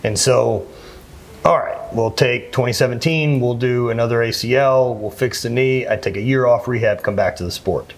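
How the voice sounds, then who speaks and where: Husky guy in his 30s talking straight about his past in an interview, earnest, kinda halting. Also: medium pitch. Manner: plainspoken, earnest, with frequent restarts. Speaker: interview guest, former athlete. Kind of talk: candid conversational interview.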